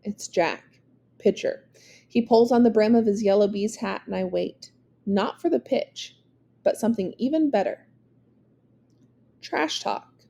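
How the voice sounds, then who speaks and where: A woman reading a verse novel aloud in a measured, expressive way. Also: mid-range voice, creaky. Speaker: reader.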